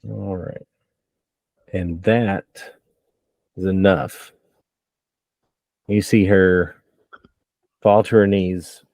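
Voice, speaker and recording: A man running a tabletop game as game master, narrating with relaxed banter and frequent laughs. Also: low-pitched, extremely slow, long pauses, dry recording.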